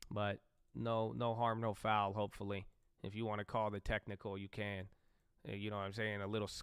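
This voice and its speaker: Bright, smooth-voiced man hosting a stream. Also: lowish voice, no echo, clean studio sound. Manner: rambling, joking, profane. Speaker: live stream host. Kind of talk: casual chat while trading.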